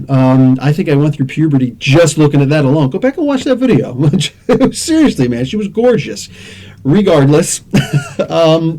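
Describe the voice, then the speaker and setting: A man in his forties hosting a podcast in a rambling, animated rant, laughing often and swearing now and then. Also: fairly high pitch. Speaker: podcast host. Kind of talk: casual rant.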